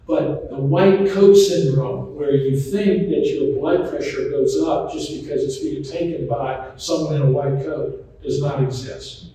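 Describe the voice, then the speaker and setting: A middle-aged man, a memory doctor giving a folksy, anecdotal talk to an audience, often pausing on ums. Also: a little high, dark tone. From Charlotte, North Carolina. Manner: chatty, anecdotal, hesitant with many ums. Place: large echoey hall, voice from some distance. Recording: echoey hall, mic at a distance.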